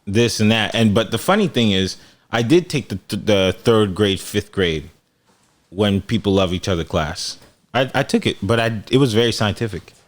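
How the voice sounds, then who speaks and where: A young man in his twenties co-hosting a podcast, telling stories casually and acting out quotes with big jumps in voice. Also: moderate pace. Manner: animated storyteller, acts out quotes with big pitch jumps. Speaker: podcast co-host. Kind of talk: casual chat.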